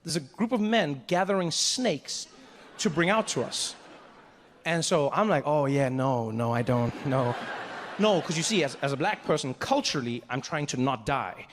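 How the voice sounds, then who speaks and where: A man doing stand-up, telling a story in an animated, self-mocking way with quick act-outs. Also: a little high, noisy background. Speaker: stand-up comedian. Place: live comedy venue. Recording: echoey live venue with faint ambience.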